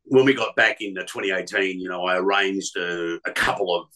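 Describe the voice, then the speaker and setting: A man's voice: low voice, steady tone, brisk, pushed and bright, poor audio. A middle-aged man, a radio presenter, telling stories from his career in a rambling way, with many restarts and fillers. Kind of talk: casual storytelling interview.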